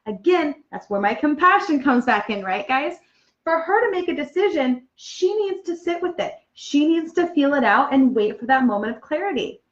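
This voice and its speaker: A woman practitioner explaining a concept in casual chat, checking in often with "okay?" and pausing on fillers. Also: sits high, very animated. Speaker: Human Design practitioner. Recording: roomy, dull lo-fi sound.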